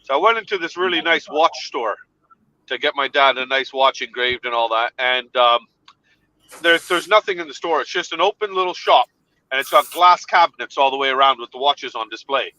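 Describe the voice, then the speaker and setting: Bright, lively man telling a story. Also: mid-range voice, brisk, lo-fi sound. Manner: animated, laughs while telling stories. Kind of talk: casual storytelling chat.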